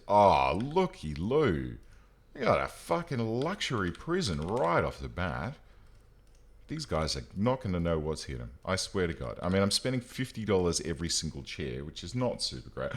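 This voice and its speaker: A man streaming a game live, thinking aloud in an excitable way and swearing casually. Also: low-pitched. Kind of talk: gameplay commentary.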